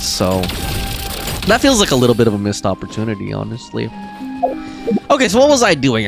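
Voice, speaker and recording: A man streaming a game, chatting casually and thinking aloud as he plays. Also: medium pitch. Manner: rambling, thinking aloud with laughs. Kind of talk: casual gameplay chat. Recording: faint game music behind.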